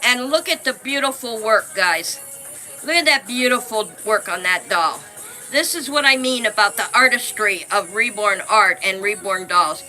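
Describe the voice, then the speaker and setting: A woman's voice: mid-range voice, moderate pace, faint music behind, poor audio. A woman hosting a casual live stream, chatting to viewers, thanking them by name and speaking fondly, with frequent restarts. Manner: chatty, thanks viewers by name, warmly fond of her dolls.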